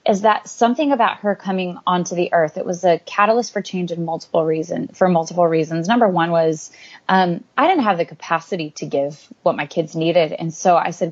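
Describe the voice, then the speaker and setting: A woman's voice: on the low side, normal speed, slightly rough. A woman, a guest author, sharing an earnest and rambling personal faith story in an interview, with many fillers. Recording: dull lo-fi recording.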